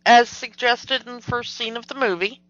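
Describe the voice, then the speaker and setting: A woman's voice: on the high side, steady tone, moderate pace, fairly bright tone, no room sound. A woman co-hosting a podcast, chatting skeptically and animatedly about a movie, with plenty of fillers. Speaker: podcast co-host. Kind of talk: casual movie discussion. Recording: dull lo-fi podcast audio.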